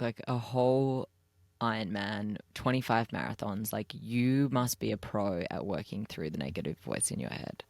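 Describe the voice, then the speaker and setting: A woman's voice: very deep voice, darkish tone, no echo, clean studio sound. Woman podcast host, affirming. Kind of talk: casual podcast conversation.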